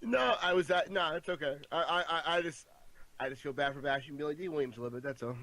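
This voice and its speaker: A man co-hosting a podcast in casual chat, halting and full of fillers and repeated words. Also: fairly high pitch, a bit bright. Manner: hesitant, halting, filler-heavy. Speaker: podcast co-host.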